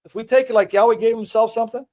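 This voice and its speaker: A man with a very high, darkish voice speaks in a steady tone at a rapid-fire clip. Hosting a livestream, he reads a text aloud and offers live teaching and commentary, firing emphatic rhetorical questions at his viewers.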